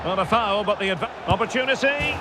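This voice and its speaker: A man doing play-by-play football commentary for a video game, measured calls that rise to shouts at goals. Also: high-pitched. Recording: game audio with loud background noise.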